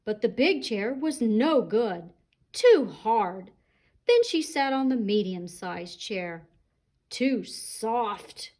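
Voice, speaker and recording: A woman who is a children's librarian, reading a picture book aloud and showing a craft in an expressive, sing-song way. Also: on the high side, slow. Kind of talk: storytime read-aloud and craft demo.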